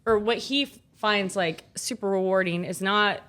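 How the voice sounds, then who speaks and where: A woman's voice: medium pitch, normal speed. A woman from California, a podcast guest, telling stories in casual chat and acting out what others said. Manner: animated storyteller who acts out quoted dialogue.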